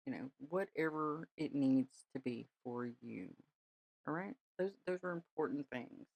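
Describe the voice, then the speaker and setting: A woman's voice: deep voice, darkish tone, no echo. Lady podcasting, chatty and reassuring, keeps checking in, dry close mic. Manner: chatty, reassuring, many "all right?" check-ins. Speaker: podcast host. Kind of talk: casual spiritual talk.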